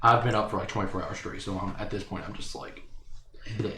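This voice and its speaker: A man playing a tabletop game, explaining things haltingly with many restarts, in an echoey room with faint noise. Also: low voice, fairly even intonation, bright, forceful tone. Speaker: player. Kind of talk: casual tabletop play.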